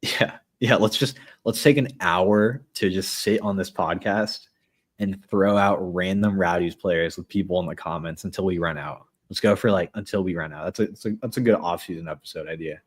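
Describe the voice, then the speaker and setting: A man hosting a sports podcast in a relaxed, joking, chatty way. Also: sits low, normal speed. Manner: relaxed, joking, upbeat sign-off. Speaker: podcast host. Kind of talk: casual podcast chat.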